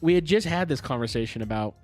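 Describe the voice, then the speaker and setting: A man's voice: a little high, lively intonation, fast talker, darkish tone, soft background music. A young man co-hosting a casual podcast, rambling with restarts and frequent swearing. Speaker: podcast co-host. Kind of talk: casual chat.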